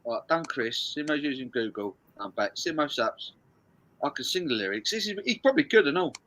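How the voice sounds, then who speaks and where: A man hosting a live stream quiz, jokey and animated, reading out viewer comments as he goes. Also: medium pitch, a little fast, poor audio. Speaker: live stream host running a lyrics quiz. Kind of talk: casual live stream chat.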